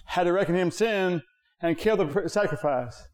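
Mellow-voiced preacher man, emphatic and repetitive. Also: moderate pace. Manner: emphatic, repeats phrases for effect; jumps higher in pitch on key points. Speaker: pastor. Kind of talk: preaching sermon.

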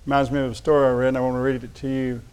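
A man's voice: mid-range voice, little pitch movement, rapid-fire, darkish tone, clear, resonant tone. A man preaching a sermon, reading funny anecdotes aloud and laughing along, then turning earnest. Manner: shifts between light storytelling and earnest preaching.

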